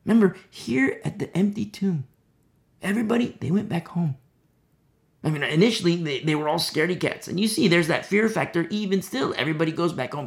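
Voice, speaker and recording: Guy preaching, gravelly kinda higher voice, lots of "you know", drops to whispers sometimes. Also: animated, brisk. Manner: conversational, filler-heavy preaching with acted quotes, dropping to whispers. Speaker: pastor. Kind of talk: sermon.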